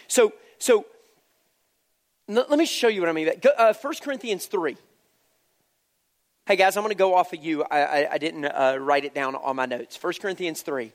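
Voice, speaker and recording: A man preaching a sermon, telling a family story with lively acted-out voices and dropping to a hushed tone for serious points. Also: on the high side. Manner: animated storyteller, swings from hushed to loud. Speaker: pastor.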